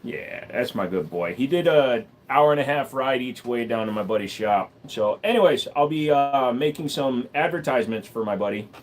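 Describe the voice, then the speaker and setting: A man's voice: mid-range voice, normal speed, hardly any pauses. A man hosting a casual livestream, rambling and joking while he talks to his dog between topics. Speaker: livestream host.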